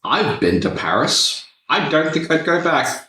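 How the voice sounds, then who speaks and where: A man's voice: on the high side, sing-song, a little slow, bright, forceful tone. A man hosting a podcast, telling stories casually with plenty of swearing. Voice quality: swears freely, laid-back storytelling. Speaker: podcast host. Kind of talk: casual chat. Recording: echoey room, distant mic.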